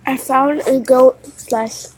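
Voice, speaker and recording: Woman, slow storytelling pace, fairly high voice, halting with restarts. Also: fairly even intonation, slight background noise, low-quality recording. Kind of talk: casual retelling of a dream.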